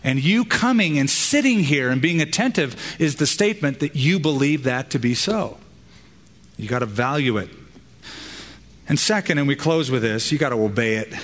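Male pastor, emphatic preacher with pauses, church hall reverb. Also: medium pitch, animated, a bit bright. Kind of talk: sermon. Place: church auditorium.

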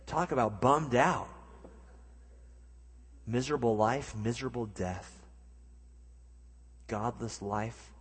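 A man preaching a sermon as pastor, earnest, with slow emphatic pauses. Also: fairly low pitch, breathy edge. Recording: long hall reverb.

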